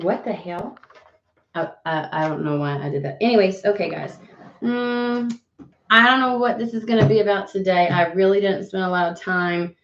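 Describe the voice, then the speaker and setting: A woman chats her way through a casual tarot live stream, rambling from thought to thought and swearing without a second thought. Her voice sits at an everyday middle pitch. It comes through a home webcam with plenty of room echo and a slightly muffled, dull tone. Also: slight background noise. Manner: rambling and chatty, swears freely.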